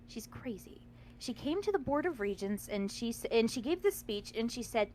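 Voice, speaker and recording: A woman in her twenties telling an animated story in casual chat, swearing freely. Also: fairly high pitch, moderate pace, slight background noise. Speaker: regular player on a tabletop game stream.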